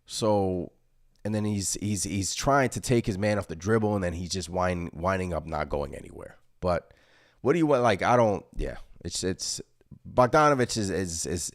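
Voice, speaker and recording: This fan postgame show is hosted by a deep-voiced young man, captured close-up and dry without any room sound. Between his repetitive, emphatic rants of frustration, he reads out comments from viewer chat.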